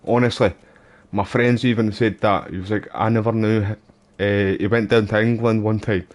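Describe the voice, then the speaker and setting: A man's voice: lowish voice, steady tone, moderate pace. A Scottish man chatting casually to viewers while live streaming a game, laid back and swearing freely.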